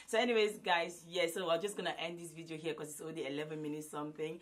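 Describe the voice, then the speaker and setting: A woman in her twenties vlogging loudly and effusively to a phone camera, repeating herself often. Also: sits low, fairly even intonation, quick pace, hardly any pauses, slight background noise. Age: 20s. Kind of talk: casual vlog to camera.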